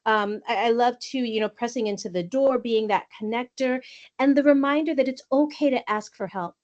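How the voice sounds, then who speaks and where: A woman's voice: fairly high pitch, normal speed, a little mellow. A woman moderating a panel, affirming and summing up what the speaker said. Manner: affirming, sums up the speaker's points. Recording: muffled lo-fi audio.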